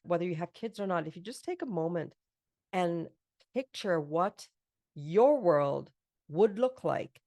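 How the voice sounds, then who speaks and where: A woman's voice: low-pitched, gravelly, a little mellow, dry recording, clean studio sound. A middle-aged woman hosting an interview podcast, talking earnestly and affirmingly in long reflective runs. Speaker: podcast host. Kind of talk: casual interview chat.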